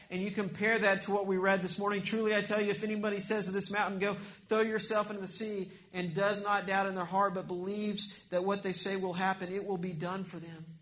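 A man preaching a sermon, earnest, swinging between emphatic points and hushed lines. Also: high-pitched. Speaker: pastor.

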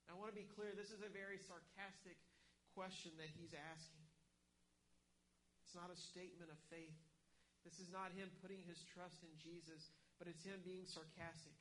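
A man's voice: sits high, steady tone, moderate pace, a bit bright, slight background noise, rough recording. A man preaching an earnest, emphatic sermon as a pastor, often restarting words as he builds his points.

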